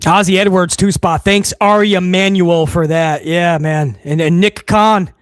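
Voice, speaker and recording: A man's voice: high-pitched, fairly even intonation, measured pace, smooth, no echo, clean studio sound. A man hosting a live wrestling watch-along stream, ranting bluntly and swearing freely in casual commentary.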